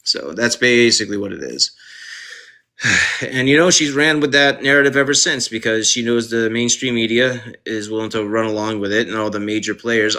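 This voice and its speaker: Male live-streamer with a bright voice, ranting indignantly about a case into his phone. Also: fairly low pitch. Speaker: true crime live streamer. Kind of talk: casual live-stream commentary.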